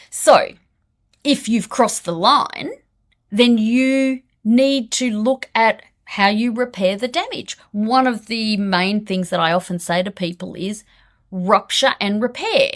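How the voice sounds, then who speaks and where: A woman's voice: mid-range voice, takes it slowly. A woman counsellor giving direct, blunt relationship advice in a podcast monologue. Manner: direct, blunt, lively delivery.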